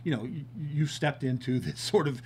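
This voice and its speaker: A man's voice: on the high side, moderate pace, darkish tone, slight background noise. A man hosting his own TV talk show, chatting casually and a bit self-deprecatingly, sometimes out of breath. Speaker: TV show host.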